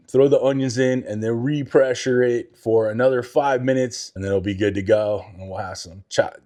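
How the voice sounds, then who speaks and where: A man's voice: medium pitch, darkish tone. Chatty man hosting a cooking vlog. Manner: chatty, self-mocking, stumbles over words. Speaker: cooking channel host.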